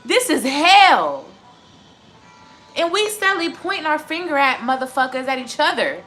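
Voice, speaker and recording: A woman's voice: high voice, very animated, unhurried, pushed and bright, soft background music. A woman in her twenties, a tarot reader chatting live to her viewers in a casual, profane, heated rant. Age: 20s. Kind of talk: casual livestream chat.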